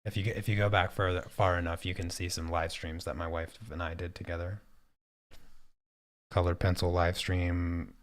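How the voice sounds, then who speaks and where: Deep-voiced male art teacher, easygoing host, halting paint-and-chat delivery. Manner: relaxed, halting, repeats words while thinking. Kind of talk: casual chat while painting.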